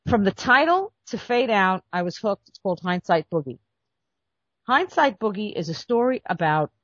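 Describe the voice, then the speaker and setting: A woman's voice: medium pitch, dry recording. A woman hosting a podcast as a script editor, talking casually in a chatty, self-deprecating, folksy way. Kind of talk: casual monologue. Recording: dull dry lo-fi recording.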